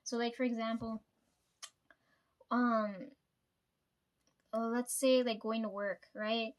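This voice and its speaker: A woman's voice: a little high, little pitch movement, takes it slowly. A young woman vlogging casually to her viewers, venting about family with lots of swearing and "right?" tags. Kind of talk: casual personal vlog.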